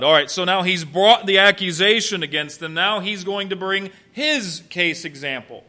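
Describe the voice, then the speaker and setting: A man's voice: high voice, moderate pace, few pauses, pushed and bright. A male pastor preaching a sermon emphatically, with many rhetorical questions.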